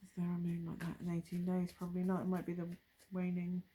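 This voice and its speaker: A woman's voice: lowish voice, completely flat delivery, fast talker, mellow, slight background noise. A woman doing a casual tarot reading, musing and thinking aloud as she turns over cards, with trailing asides. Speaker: tarot reader.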